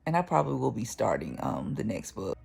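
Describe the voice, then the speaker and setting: A woman talking casually to her viewers about what she is reading. Her voice has a gravelly creak. She is chatty and full of fillers, and she laughs easily. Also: rumbling low, sing-song, brisk, a little mellow. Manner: chatty, laughs often, lots of fillers and "y'all". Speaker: book vlogger. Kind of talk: casual chat to camera.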